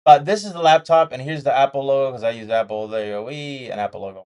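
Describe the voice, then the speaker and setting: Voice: medium pitch, fast talker, darkish tone. A day trading vlogger talking candidly and casually, repeating key points and making jokey asides while sketching a chart.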